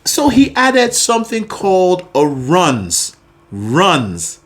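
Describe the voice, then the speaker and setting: Singing coach, animated and encouraging, slow unhurried delivery, voice rising and falling a lot. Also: medium pitch. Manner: animated, encouraging, sings example phrases. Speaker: singing teacher. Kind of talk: vocal lesson with sung demonstrations.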